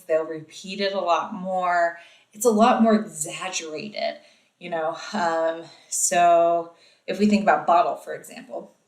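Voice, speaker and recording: A woman's voice: medium pitch, roomy sound, far from the mic, poor audio. A woman giving a recorded lecture in a casual, explanatory way with frequent ums and uhs.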